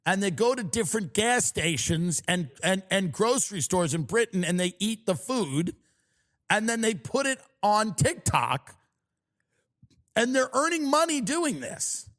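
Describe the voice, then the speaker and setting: A man hosting a comedy podcast, ranting in a loud, mocking, exaggerated way. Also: high-pitched, sing-song, unhurried. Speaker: podcast host. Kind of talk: comedic rant.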